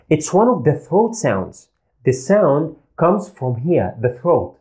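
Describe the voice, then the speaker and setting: A man's voice: a little high, sing-song, slow, warm tone. A man teaching letters and their sounds, patiently repeating each sound for learners. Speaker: Arabic language teacher. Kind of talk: slow, deliberate pronunciation lesson.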